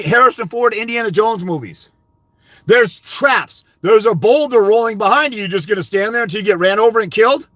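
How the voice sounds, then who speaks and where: A man's voice: high-pitched, bright, forceful tone, no echo. An older man, a fathers' rights consultant, delivering a blunt, profane monologue that berates his viewers.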